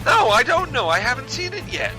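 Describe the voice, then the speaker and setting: A man's voice: extremely high pitch, sing-song, music in the background, pitched above the performer's own voice. A man with an American accent reading the part of a freshly regenerated Doctor in a podcast read-through, fussy and puzzled. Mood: quizzical. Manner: read aloud from a script, quick and quizzical.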